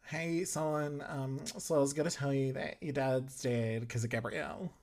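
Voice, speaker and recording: A man's voice: mid-range voice, steady tone, normal speed, a little mellow. A man hosting a watch-along episode commentary podcast, sarcastic and playful, talking back at the screen. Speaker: podcast host.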